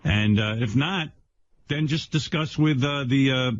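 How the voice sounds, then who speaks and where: A man hosting a radio show, riffing and pitching wild ideas in casual banter. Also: unhurried, slight background noise. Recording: dull lo-fi radio audio.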